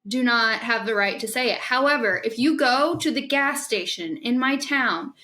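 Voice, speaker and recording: A woman's voice: a little high, normal speed, bright, forceful tone. A woman in her thirties, from Illinois, co-hosting a casual podcast chat, chatty and self-mocking. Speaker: podcast co-host.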